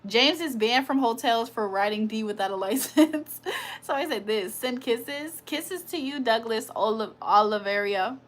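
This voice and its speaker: A woman's voice: a little high, unhurried. A woman hosting a casual livestream, reading viewer comments aloud, teasing them and laughing often. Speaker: livestream host.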